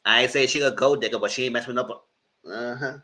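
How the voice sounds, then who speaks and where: A man giving live commentary on a reality TV show, animated and cussing, mocking the people in it. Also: mid-range voice, fast, poor audio. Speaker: reality TV reviewer.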